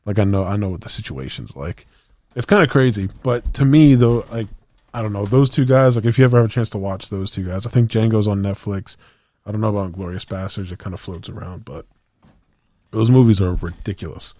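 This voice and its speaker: A man's voice: fairly low pitch, steady tone, brisk, dark tone, no echo, clean studio sound. A man co-hosting a podcast in casual chat, rambling through movie scenes and acting out the lines with plenty of swearing. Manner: rambling storyteller, acts out movie quotes, swears. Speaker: podcast co-host.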